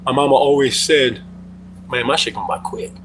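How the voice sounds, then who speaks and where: A man's voice: mid-range voice, normal speed, fairly bright tone, slight background noise, poor audio. Profane middle-aged man livestreaming. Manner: loose, profane storytelling. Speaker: livestream host. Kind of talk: casual livestream chat.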